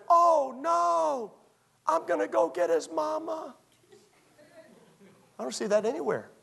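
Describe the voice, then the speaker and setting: With a high-pitched, gravelly, fairly bright voice, this pastor addresses young people in a church sermon. He tells a story in a conversational manner, returning to the same phrases and playing out little scenes.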